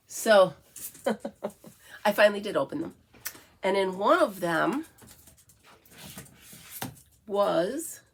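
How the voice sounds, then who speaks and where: A woman's voice: mid-range voice, slight background noise. A middle-aged woman from the United States hosting a casual morning coffee chat, chatty and breaking into baby talk with her dog. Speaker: vlog host.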